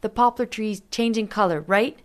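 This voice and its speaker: A woman's voice: mid-range voice, moderate pace, pitched above the performer's own voice, lightly acted. A woman voicing a restless young child who whines and pleads in a raised voice. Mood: whiny. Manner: whiny, pleading.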